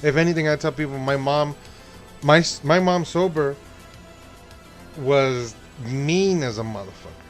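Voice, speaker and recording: A man's voice: a little high, unhurried, faint music behind. A man co-hosting a casual podcast who drops Spanish phrases into his talk and swears freely. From El Paso, Texas. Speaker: podcast co-host. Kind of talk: casual chat.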